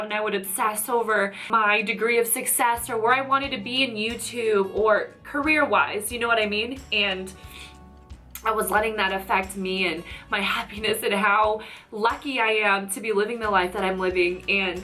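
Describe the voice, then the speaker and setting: Bright, chatty woman in her thirties vlogging from her office, rambling and heartfelt, faint music underneath. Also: fairly high pitch, moderate pace. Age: 30s. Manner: chatty, rambling and emotional, often saying "you know". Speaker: YouTuber. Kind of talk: casual chat to camera. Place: tenth-floor office.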